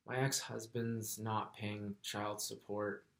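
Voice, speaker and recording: A man retelling the words of a tearful, struggling young mother in a slow, soft way. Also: lowish voice, flat delivery, creaky, full character voice. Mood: resolute.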